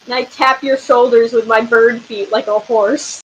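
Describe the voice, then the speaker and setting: A young adult tabletop game player, playful and excitable, who slips into loud in-character shouting. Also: medium pitch, normal speed, muffled recording, slight background noise. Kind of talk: playful in-character role-play.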